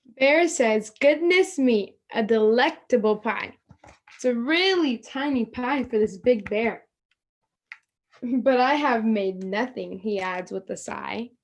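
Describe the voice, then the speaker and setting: On a video call, a woman reads a picture book aloud to children. Her voice is slow, higher-pitched and expressive, and she adds chatty asides to the kids, pointing things out.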